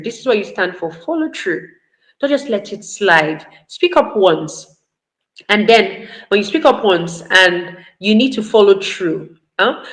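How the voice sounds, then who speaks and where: A woman giving an online parenting talk, earnest, repeating her points for emphasis. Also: medium pitch. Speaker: parenting educator. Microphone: video call. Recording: roomy echo.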